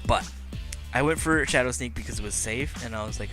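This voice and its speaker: A man giving casual, joking commentary on his game, brash and hyped-up, now and then shouting. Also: medium pitch, a little fast, music in the background. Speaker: Pokémon league player and video commentator.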